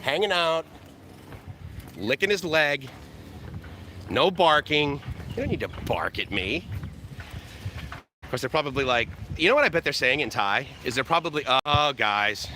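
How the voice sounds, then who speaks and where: Bright-voiced rambling man outdoors. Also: on the high side, lively intonation, measured pace, pauses often, a little hiss or hum. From USA. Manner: rambling, joking, chuckling often. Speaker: vlogger, live-stream host. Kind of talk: live walk-and-talk chat. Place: outdoor seaside walkway. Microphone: camera on a selfie stick.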